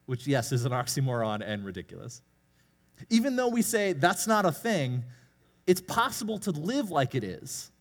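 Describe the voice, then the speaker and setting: A man, a youth pastor, preaching a conversational, self-deprecating sermon in a church. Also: on the high side. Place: church sanctuary. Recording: long hall reverb.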